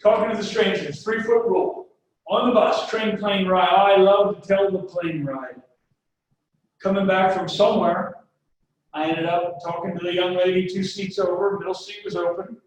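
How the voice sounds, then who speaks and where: A man's voice: high-pitched, fairly even intonation, moderate pace. Folksy man in an echoey room. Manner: folksy, anecdote-driven, talks straight to the audience. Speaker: sales trainer. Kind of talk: webinar sales presentation. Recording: echoey room, distant mic, faint noise.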